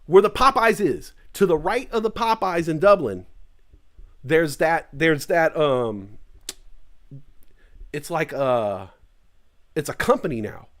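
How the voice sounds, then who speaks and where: A man's voice: a little high, animated, slow pace, long pauses, a bit bright. A middle-aged man from California's East Bay hosting a casual live-stream morning show, rambling and joking. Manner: rambling, joking, puts on tough slang voices.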